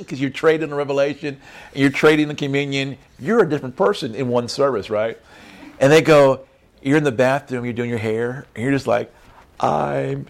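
A man preaching a lively sermon, acting out churchgoers in quick character voices and tagging lines with "right?". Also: mid-range voice. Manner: acts out church members in character voices, says "right?" often. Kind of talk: animated sermon.

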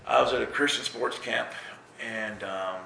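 A man preaching a sermon in a relaxed, conversational way, telling stories with self-mocking humor. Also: mid-range voice, unhurried, creaky. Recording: roomy echo with faint noise.

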